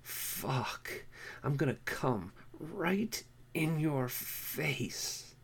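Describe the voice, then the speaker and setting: A man reading the lines of a bossy, teasing adult woman in a husky, breathy voice, slow and commanding. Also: a little high, expressive, exaggerated voice.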